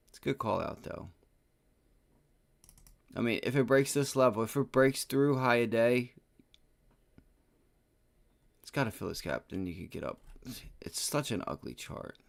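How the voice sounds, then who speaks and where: A man's voice: medium pitch, lively intonation, unhurried, vocal fry, long pauses. A man hosting a live day trading stream, thinking aloud over charts and cursing when trades go wrong, with an aching back. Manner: profane, frustrated outbursts. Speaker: day trading livestream host.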